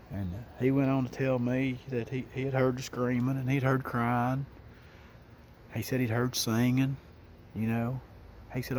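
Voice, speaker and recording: A man's voice: mid-range voice, level tone, a little mellow, a little hiss or hum. Folksy man telling a ghost story. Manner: folksy, unhurried, with rural Southern phrasing. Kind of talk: first-person ghost story.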